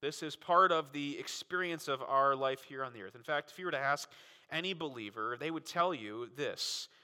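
A man preaching a sermon as pastor, animated and full of rhetorical questions. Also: fairly high pitch, normal speed. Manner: animated, frequent rhetorical "right?" asides. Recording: long reverb of a large hall.

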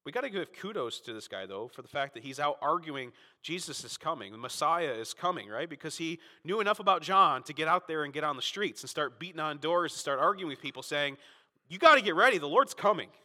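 A man from Florida preaching a Sunday sermon as pastor, emphatic and fervent, swinging between loud peaks and quiet asides. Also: lively intonation, fairly quick, hardly any pauses, big-room sound. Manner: emphatic, rising to fervent peaks then dropping low.

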